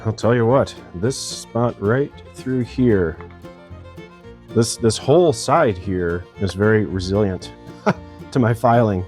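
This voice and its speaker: Man, middle-aged, lowish voice, casual workshop chatter, rambling, self-deprecating. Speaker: channel host repairing a chainsaw.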